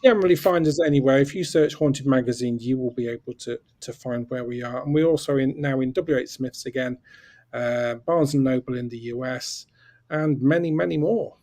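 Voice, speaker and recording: A man's voice: mid-range voice, brisk, a little mellow. A man who designs a paranormal magazine, speaking as a guest on a live video chat. He promotes his work with enthusiasm and drops in wry jokes. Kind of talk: casual live-stream chat.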